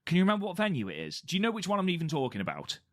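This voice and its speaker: A man's voice: a little high, wildly swooping pitch, racing. A man co-hosting a casual podcast chat, talking eagerly and repeating words for emphasis. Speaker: podcast co-host.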